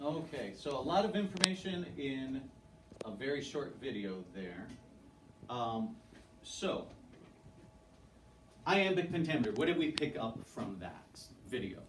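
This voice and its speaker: A man's voice: mid-range voice, big pitch swings, unhurried, pauses often. A male teacher talking casually and upbeat to his class, with many fillers, in a classroom. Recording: echoey classroom from far off, room noise.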